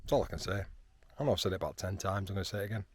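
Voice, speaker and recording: A man, chatting excitedly outdoors on a hilltop, with frequent ums. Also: deep voice, rapid-fire. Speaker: landscape photographer. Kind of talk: casual vlog narration while hiking.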